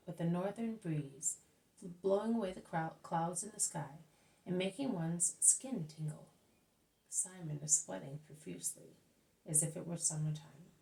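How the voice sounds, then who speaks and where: Mellow-voiced woman reading scripture narration. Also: fairly low pitch, vocal fry, reverberant. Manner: steady, measured reading. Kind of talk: scripted narration of a religious text. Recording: voice slightly distant from mic.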